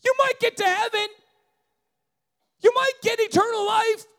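A male pastor preaching a sermon with passion, often shouting, and checking in with the congregation with quick "right?" tags. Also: very high voice, fairly even intonation.

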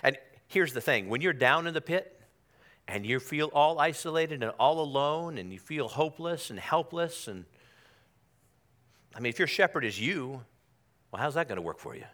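A man with a bright, forceful voice delivers a sermon in a church. He speaks conversationally, and he often repeats a phrase or calls on the congregation to answer aloud. His pitch sits a little above the usual for a man. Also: lively intonation, moderate pace, long pauses. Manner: conversational preaching with repetitions and call-and-response. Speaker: pastor. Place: church sanctuary.

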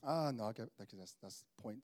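A man in his thirties preaching a sermon in an animated, conversational way, calling out to the congregation. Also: fairly low pitch, moderate pace. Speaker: pastor.

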